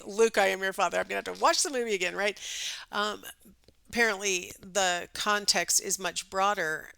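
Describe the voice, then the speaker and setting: A middle-aged woman giving a recorded psychology lecture, her voice bright and smooth. She talks in a loose, conversational way, full of ums and checking in with a quick "right?". The sound is close and dry, with no room around it. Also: medium pitch, no echo. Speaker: psychology instructor.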